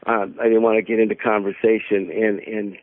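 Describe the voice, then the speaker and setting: A man telling a personal story as a guest on a radio conversation, halting and repeating words as he searches for them. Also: lowish voice, flat delivery. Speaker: mission team leader, radio guest. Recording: narrow phone-like radio audio.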